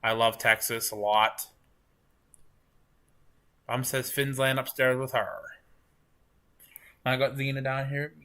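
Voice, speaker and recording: Male live-stream host, bright voice of middle pitch, loose and chatty with his viewers. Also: takes it slowly, pauses often, smooth. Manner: relaxed, rambling, chatting with viewers. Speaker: livestream storm chaser host. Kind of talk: casual live-stream commentary. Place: at home on a couch.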